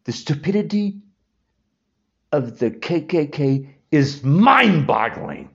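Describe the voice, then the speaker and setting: A man's voice: fairly high pitch, very animated, takes it slowly, gravelly. A man in his sixties giving an angry, insulting rant, repeating himself. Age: 60s. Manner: furious, insulting, repetitive. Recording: dull lo-fi recording.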